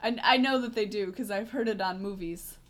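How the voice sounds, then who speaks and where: A woman's voice: medium pitch, fairly quick. A woman co-hosting a podcast in casual chat, teasing and laughing easily. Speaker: podcast co-host.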